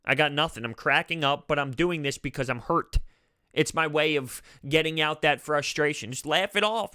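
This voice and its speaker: A man giving an exasperated, animated fan's reaction to his team's loss as a sports vlogger. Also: on the high side, brisk, dry recording, studio quality. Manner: animated, exasperated, laughing through frustration. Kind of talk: fan reaction commentary.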